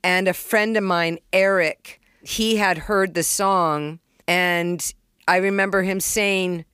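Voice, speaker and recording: A middle-aged woman telling stories in a casual interview, candid and animated, swearing freely and acting out beats and sounds. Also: fairly low pitch, slow, smooth, no echo, studio quality. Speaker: songwriter and producer, interview guest.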